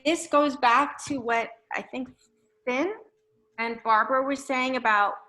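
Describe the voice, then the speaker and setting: A woman from New York, a guest author, talking casually and joking, with quick self-corrections. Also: high voice, sharp tone, low-quality recording. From New York, USA. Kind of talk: casual talk at the end of an online Q&A.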